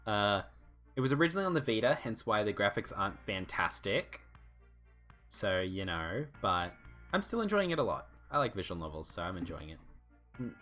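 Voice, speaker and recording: A man's voice: lowish voice, big pitch swings, moderate pace, fairly bright tone, faint music behind. A young man streaming a visual novel, chatty and jokey, reading the dialogue aloud.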